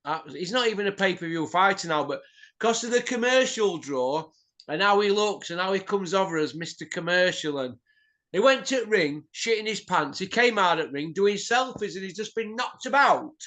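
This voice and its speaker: A man's voice: high voice, expressive, normal speed, bright, forceful tone. A middle-aged man, hosting a boxing show and ranting bluntly, swearing and tossing in tag questions. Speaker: boxing pundit host. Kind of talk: opinionated ranting chat.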